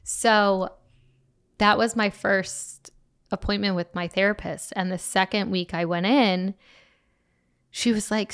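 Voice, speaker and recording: A woman's voice: medium pitch, steady tone, normal speed, clear, resonant tone. A young woman, a podcast guest, tells her personal story in casual talk, emotional and full of fillers.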